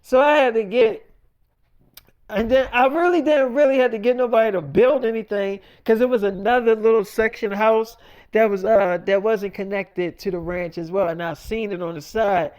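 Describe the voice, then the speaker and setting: A man's voice: high-pitched, steady tone, moderate pace, a little mellow, clean tone. Profane, rambling male storyteller. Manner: casual, profane and rambling, acting out quoted voices. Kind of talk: improvised freestyle storytelling.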